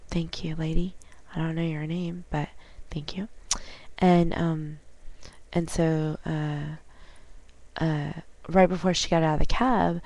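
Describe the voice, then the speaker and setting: A woman vlogging at home on a webcam, chatting casually and retelling conversations with lively quoted dialogue. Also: lowish voice, no echo. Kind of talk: casual storytelling.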